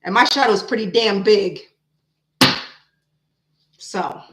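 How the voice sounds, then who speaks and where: A woman's voice: mid-range voice, slow pace, echoey room, heavy background noise. Brash, chatty woman tarot reader. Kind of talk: live-stream tarot reading with chat.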